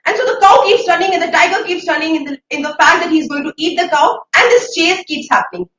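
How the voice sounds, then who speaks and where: A woman hosting a live conference stream, energetic and addressing the audience directly. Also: very high voice, fast, few pauses. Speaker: event host. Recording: echoey room, distant mic.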